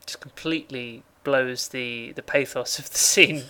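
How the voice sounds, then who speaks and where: A man's voice: mid-range voice, steady tone, unhurried, pushed and bright, clear, resonant tone. A man co-hosting a podcast, making dry joking asides in casual chat. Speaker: podcast co-host.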